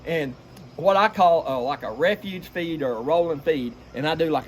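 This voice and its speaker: A middle-aged man explains duck calling in a folksy, animated way, breaking into duck-call sounds as he talks. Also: on the high side, normal speed. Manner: folksy, animated, imitates duck calls mid-sentence. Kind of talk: casual explanatory chat with vocal demonstrations. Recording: noisy background.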